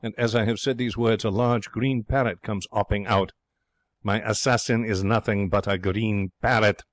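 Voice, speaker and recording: A man reading an audiobook, voicing an excitable, romantic young Frenchman who tells his tale in broken English. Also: lowish voice, normal speed, no room sound, natural voice. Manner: theatrical, broken English phrasing. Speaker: audiobook narrator.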